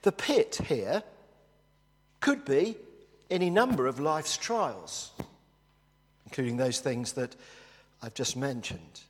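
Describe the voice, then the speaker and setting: An earnest male pastor preaches, explaining scripture and telling stories in a steady middle voice. The long reverb of a church hall trails after his words. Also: medium pitch, takes it slowly, long pauses, breathy edge. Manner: earnest, storytelling, hushed in prayer. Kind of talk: sermon.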